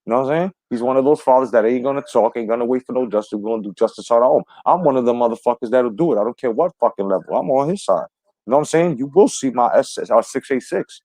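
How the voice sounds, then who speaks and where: A man's voice: mid-range voice, fast talker, warm tone, dry recording. A man hosting a live stream from the United States, ranting with heavy profanity and greeting viewers in the chat. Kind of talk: heated live stream commentary.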